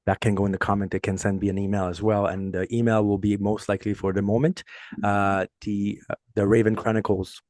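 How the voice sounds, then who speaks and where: A man with a French accent co-hosting a podcast in casual chat, talking in halting bursts with frequent restarts and fillers. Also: lowish voice, flat delivery, darkish tone, no room sound, studio quality. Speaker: podcast co-host.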